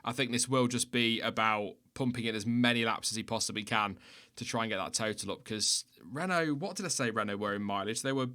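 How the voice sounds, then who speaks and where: A man's voice: mid-range voice, fairly quick, pushed and bright. A British man hosting a livestream in casual chat, chatty and self-mocking, laughing often. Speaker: livestream host.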